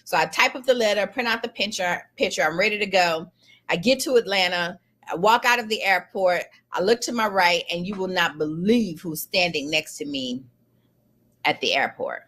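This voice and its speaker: A middle-aged woman, a lawyer telling a personal story in an animated, emphatic, colloquial way. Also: lowish voice, moderate pace.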